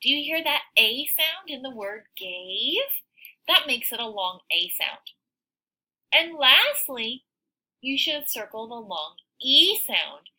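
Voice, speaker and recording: Slow, bright-voiced woman teaching phonics. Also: high voice, husky, poor audio. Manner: slow, sounds out words, animated encouraging teacher voice. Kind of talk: phonics lesson for young children.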